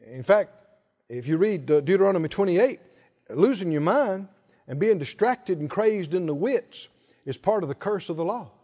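A middle-aged man preaches a call-and-response sermon with a high-pitched voice for a man. He draws out key words and prompts the congregation to answer. The sound is dull and muffled, with a long reverb from a large hall. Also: lively intonation, normal speed, a little mellow. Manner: emphatic, drawing out key words and prompting the crowd. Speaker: pastor.

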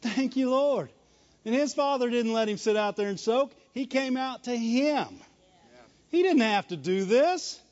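A man with a strikingly high voice preaches a sermon with emphatic, animated delivery and frequent chuckles. The recording is dull and lo-fi. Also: moderate pace.

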